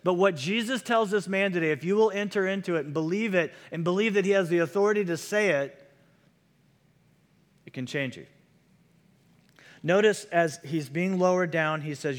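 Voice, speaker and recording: A man's voice: fairly high pitch, normal speed. A man preaching a sermon as pastor, earnest and repeating key lines for emphasis. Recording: long hall reverb.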